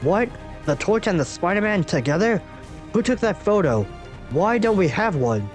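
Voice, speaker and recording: Guy doing a loud ranting old-school newspaper boss, high-pitched yelling, insults everybody, faint music under it. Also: big pitch swings, moderate pace. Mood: angry, blustering. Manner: shouty, indignant, insulting. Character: blustering loud middle-aged male newspaper publisher.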